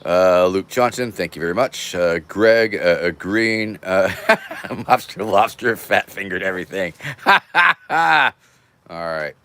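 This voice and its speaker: A man's voice: deep voice, animated, slow, bright, forceful tone, smooth. An older man hosting a casual livestream, rambling loosely and irreverently as he thanks viewers by name. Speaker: livestream host. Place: home, near a porch.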